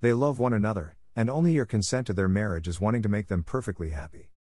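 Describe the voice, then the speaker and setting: A man voicing a stately female fairy who speaks gravely in an audiobook. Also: fairly low pitch, quick pace, mellow, no echo, clean studio sound, lightly acted. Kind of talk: audiobook reading.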